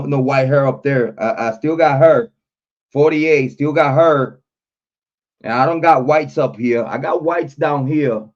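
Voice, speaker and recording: A man's voice: fairly high pitch, dull audio. Joking, swaggering man in his forties. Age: 40s. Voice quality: congested. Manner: boastful, joking, profane rant. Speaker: livestream host. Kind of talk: casual livestream chat.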